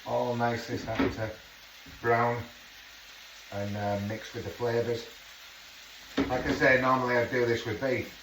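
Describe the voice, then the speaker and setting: Chatty man cooking, echoey kitchen. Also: mid-range voice. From England. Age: middle-aged. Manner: chatty, swears under his breath. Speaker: home cook. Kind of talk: casual cooking vlog chat. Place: home kitchen. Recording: echoey kitchen, far from mic, noisy.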